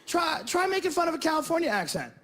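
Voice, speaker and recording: A stand-up comedian from Boston performing a loud, profane set and acting out characters as he goes. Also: very high voice, big pitch swings, fast. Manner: loud, profane, acts out characters mid-bit. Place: comedy venue on stage. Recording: live comedy club recording with reverb, audience noise.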